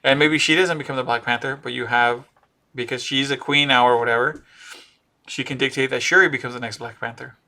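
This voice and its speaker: A man co-hosting a casual pop-culture podcast, riffing excitedly on fan theories and laughing along. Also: mid-range voice, brisk. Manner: animated, excitable, riffs on ideas and laughs. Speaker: podcast co-host.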